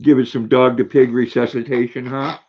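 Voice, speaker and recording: A man's voice: mid-range voice, little pitch movement, normal speed, breathy edge, lo-fi sound. An older man hosting a casual livestream, chatting and reading viewer comments aloud while talking to his dog. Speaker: livestream host.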